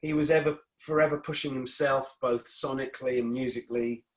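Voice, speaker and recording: A man's voice: medium pitch, fairly even intonation, fairly quick. A middle-aged man talking as a guest in a casual interview, rambling and repeating words as he restarts his sentences. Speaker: guest musician.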